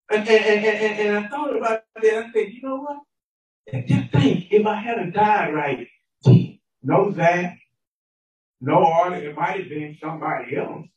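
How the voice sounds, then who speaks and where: A man giving an emotional sermon testimony, stumbling over repeated words and breaking into shouted emphasis. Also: high-pitched. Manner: repeats words, stammering restarts, bursts of shouting. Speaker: preacher. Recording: echoey room from a distance.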